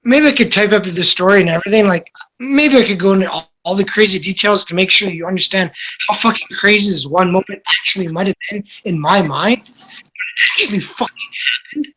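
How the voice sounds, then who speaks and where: Host, male, bright forceful tone, rambling swear-heavy storyteller. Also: high voice, brisk. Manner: rambling, profane, laughing through the story. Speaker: podcast host. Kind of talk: casual storytelling among friends.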